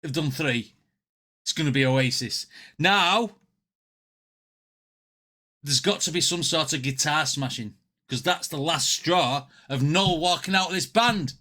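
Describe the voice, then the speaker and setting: Bright-voiced British man, laughing a lot. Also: a little high, measured pace, pauses often. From United Kingdom. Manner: laughing, rambling storytelling. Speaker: reaction video host. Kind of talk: casual chat.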